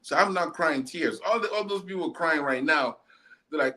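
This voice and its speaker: A man's voice: on the high side, normal speed, sharp tone. Blunt ranting man. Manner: blunt, ranting, repeats words. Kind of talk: heated casual football chat.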